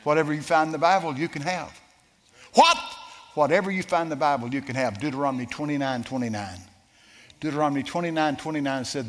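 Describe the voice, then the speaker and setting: A man preaching a sermon, telling a story with lively shifts and asking the congregation questions. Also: medium pitch. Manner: storytelling, animated, asks the crowd questions. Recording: long hall reverb.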